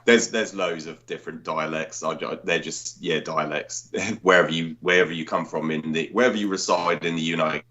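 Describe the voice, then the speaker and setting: A man's voice: a bass voice, fairly even intonation, a little fast, hardly any pauses, sharp tone. A man from southern England with a southern English accent, chatting casually and explaining in rambling, self-correcting bursts. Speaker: call-in guest. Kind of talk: casual group chat. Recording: dull lo-fi call audio.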